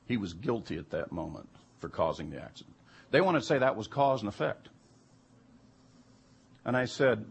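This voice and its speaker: A storyteller recounts his jury duty in a fairly high, creaky male voice with a breathy edge. His delivery is emphatic, and the personal anecdote grows heated and incredulous as it goes.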